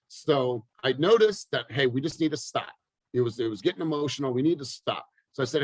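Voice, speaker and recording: A man coaching his team in a motivational talk, energetic and emphatic, repeating phrases for effect. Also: medium pitch, normal speed, dry recording, low-quality recording. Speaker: real estate team coach.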